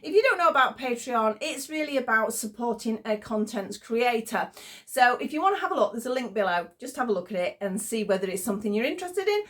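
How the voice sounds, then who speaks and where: Chatty woman, slightly hoarse. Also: a little high, animated, a little fast, a bit bright. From United Kingdom. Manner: chatty and enthusiastic. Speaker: crochet tutor. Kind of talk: casual crochet tutorial.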